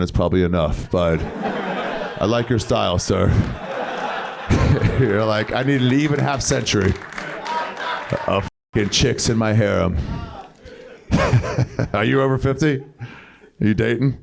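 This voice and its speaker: Low gravelly guy riffing stand-up in a club, crowd laughing behind him, dry crude jokes. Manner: loose, wry storytelling with crude punchlines. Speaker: stand-up comedian. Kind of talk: improvised stand-up crowd work. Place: large comedy club main room. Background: audience laughter.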